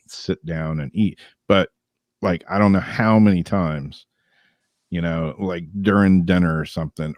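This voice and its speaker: A man with a very deep voice chats casually as a show's co-host. His stories ramble along with lots of fillers and laughs. The sound is close and dry. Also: darkish tone, dry recording. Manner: rambling storyteller with many fillers, laughs often. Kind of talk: casual chat.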